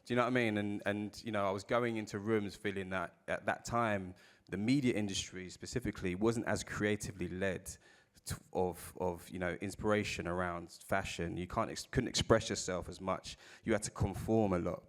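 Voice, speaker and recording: A man with a South London accent talks on a live festival panel, his voice sitting a little low. He tells candid stories about work, loose and conversational, and drops the odd swear word. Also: fairly even intonation, normal speed. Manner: candid storytelling with casual swearing. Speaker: panel speaker.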